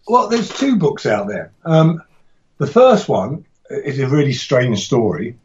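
A man's voice: mid-range voice, wildly swooping pitch, slow, muffled recording. A middle-aged man, a martial arts instructor and author, telling stories in a podcast interview with enthusiasm and frequent restarts.

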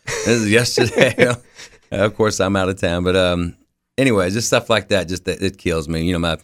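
Radio guest: man, 30s, low voice, easygoing storyteller, lots of ums and laughs. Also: moderate pace, fairly bright tone. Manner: laid-back storytelling, laughs often, many fillers. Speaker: country singer guest. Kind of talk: radio interview.

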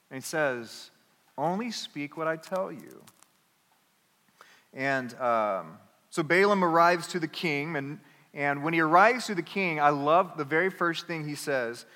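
A man preaching a sermon as pastor, telling a story in an animated way and acting out the characters. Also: on the high side, long reverb tail. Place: church.

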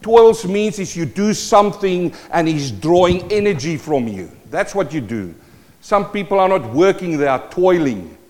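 Impassioned South African preacher, hall echo. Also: male voice, on the high side. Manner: impassioned, swings from loud to hushed. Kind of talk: sermon. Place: church hall. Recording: long hall reverb.

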